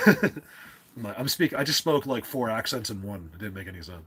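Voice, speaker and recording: A man's voice: lowish voice, sing-song, normal speed, fairly bright tone, husky. A man from New Jersey hosting a casual livestream, rambling along with lots of fillers and restarts. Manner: rambling, filler-heavy, self-interrupting. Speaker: livestream host.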